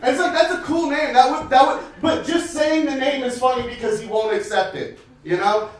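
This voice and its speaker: A man's voice: sits high, heavy reverb, recorded from a distance. A man performing a stand-up comedy set in a club, talking casually with lots of fillers and asides. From United States. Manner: casual, rambling delivery with many fillers.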